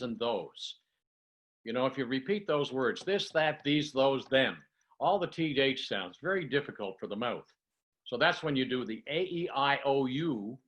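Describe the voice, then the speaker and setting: A medium-pitched, slightly bright male voice belongs to an older man coaching a workshop group on a video call. This communication coach teaches online, demonstrating each tongue twister in one breath and then explaining it as though telling a story.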